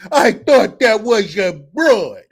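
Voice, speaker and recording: A man voicing a brash street guy who heckles and catcalls loudly. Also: high voice, big pitch swings, slow, husky, voice pushed up, heavily acted.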